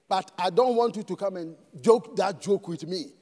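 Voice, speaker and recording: A man's voice: high-pitched, brisk, hardly any pauses, mellow, big-room sound. A man with a Ghanaian accent preaching a sermon in a church, switching between English and Twi and prompting the congregation to answer. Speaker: pastor.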